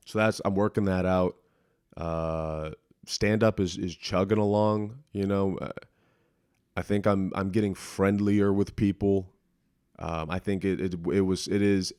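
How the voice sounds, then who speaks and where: A man's voice: low voice, darkish tone, no room sound, studio quality. A young man talking in a casual solo podcast from his apartment, rambling and self-deprecating, swearing freely and restarting his sentences. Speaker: podcast host. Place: small apartment room.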